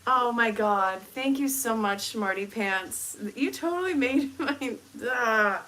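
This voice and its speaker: A woman reading tarot on a live stream, answering viewers' questions in a casual, chatty way with dry, deadpan humor. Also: a little high, slow, rough recording. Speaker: tarot reader and life coach.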